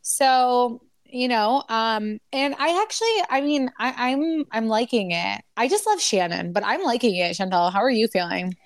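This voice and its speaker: A woman's voice: fairly high pitch, lively intonation, moderate pace, few pauses, no room sound, studio quality. A woman in her thirties co-hosting a pop culture podcast, talking in a chatty, rambling way full of fillers. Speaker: podcast co-host. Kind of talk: casual chat.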